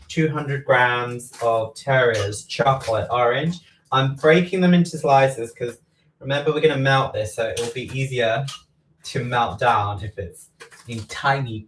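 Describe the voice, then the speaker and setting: A man's voice: mid-range voice, fairly bright tone, recorded from a distance. A man talks casually as he bakes, rambling along and correcting himself mid-sentence. He sits back from the mic, so his voice carries the roomy echo of a home kitchen. Faint background noise and clicks sit under his talk. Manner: rambling, self-correcting, chatty asides. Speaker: baking livestream host. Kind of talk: casual chat while baking.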